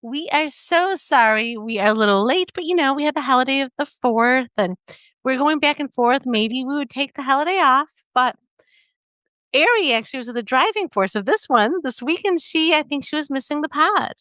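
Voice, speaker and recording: A woman's voice: high voice, lively intonation, normal speed, a bit bright, no room sound. A middle-aged American woman hosting a podcast, chatting casually and laughing easily with her daughter. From United States. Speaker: podcast host. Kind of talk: casual chat.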